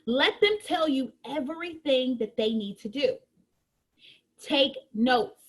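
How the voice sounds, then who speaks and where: A woman giving a sales training talk, speaking to her listeners in a lively, conversational way. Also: sits high, slow.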